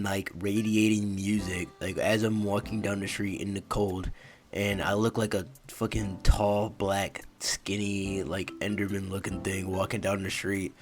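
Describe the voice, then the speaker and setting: A young man narrating a casual story in a laid-back, profane way, full of fillers. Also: lowish voice.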